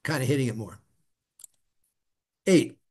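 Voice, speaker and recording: A man giving a relaxed one-on-one Hebrew reading lesson, patiently sounding out syllables for his student to repeat. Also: medium pitch, unhurried.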